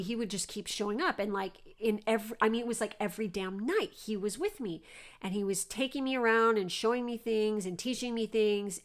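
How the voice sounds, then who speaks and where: A woman from Southern California, telling a personal story to her podcast listeners in a rambling, chatty way full of fillers and the odd swear word. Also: mid-range voice. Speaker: podcast host. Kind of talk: casual storytelling monologue.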